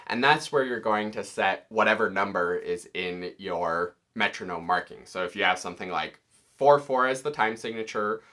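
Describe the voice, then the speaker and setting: A man with a somewhat low voice that still sounds bright and forward gives a casual music tutorial. He explains things patiently and plainly, step by step. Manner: relaxed, explanatory, occasionally counting beats aloud. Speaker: music teacher.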